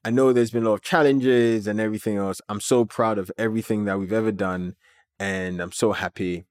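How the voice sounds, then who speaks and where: Guy, interview guest, chatty storytelling, lots of "like", lowish voice, dry sound. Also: fairly quick, dry recording. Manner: animated, many fillers like "like". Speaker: guest, company founder.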